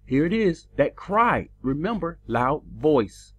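A man delivering a teaching sermon, slow and emphatic, his pitch rising on the words he stresses. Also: big pitch swings, husky. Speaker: preacher.

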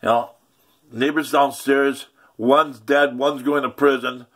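A man's voice: medium pitch, flat delivery, slow pace, a bit bright, slightly rough. A man vlogging an angry rant, agitated, profane and repetitive.

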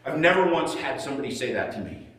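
A middle-aged male pastor preaching a sermon as a conversational story, swinging between loud and hushed. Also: medium pitch, very animated, quick pace. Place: church sanctuary. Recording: echoey church room, voice from far off.

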